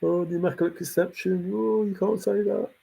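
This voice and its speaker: A man's voice, slightly higher than most and a little husky, carries a casual opinion rant. He sounds exasperated and animated, circling back to the same points again and again. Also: a little fast. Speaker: channel host.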